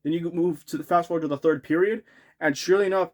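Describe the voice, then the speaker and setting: A man's voice: a little high, fast talker. A young man giving an unscripted, rambling sports rant, exasperated and full of restarts and outbursts. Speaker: hockey fan ranting on his channel.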